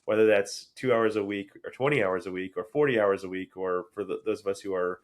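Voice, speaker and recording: Deep-voiced male podcast host, emphatic. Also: brisk. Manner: emphatic, repeats words while thinking. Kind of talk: conversational podcast discussion.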